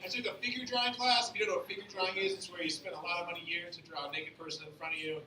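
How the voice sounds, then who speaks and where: A young man with an American accent and a high voice tells crude, self-mocking jokes in a stand-up comedy set. He sounds far from the mic in an echoey space, with loud ambient noise behind him. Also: fairly quick. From Australia. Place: beer garden venue.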